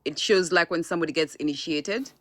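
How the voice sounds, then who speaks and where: A woman's voice: on the low side, a bit bright. A woman in a casual podcast chat, mostly agreeing and chiming in with questions. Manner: agreeable, quick interjections.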